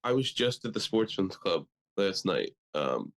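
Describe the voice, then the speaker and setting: A young man from Delaware co-hosts a podcast, chatting casually in a loose, rambling, joking way, swearing freely and slipping into mocking impressions. His voice is low-pitched, with big pitch swings and a measured pace.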